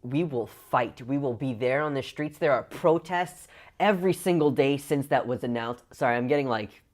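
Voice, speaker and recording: Very low-voiced woman ranting on camera. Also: normal speed, darkish tone. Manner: impassioned, heavy use of "like" fillers. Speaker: vlogger. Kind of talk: emotional video rant.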